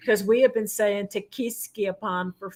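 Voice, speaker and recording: A woman's voice: mid-range voice, unhurried, a little hiss or hum. American woman co-host, chatty, laughs a lot, casual livestream talk. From United States. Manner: chatty, laughs often, animated.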